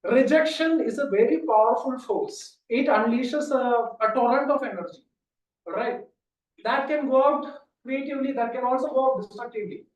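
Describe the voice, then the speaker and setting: A man's voice: very high voice, normal speed. A man giving a storytelling speech at a club meeting, acting out a conversation with a friend. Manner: lively storyteller acting out dialogue. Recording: roomy hall from a distance.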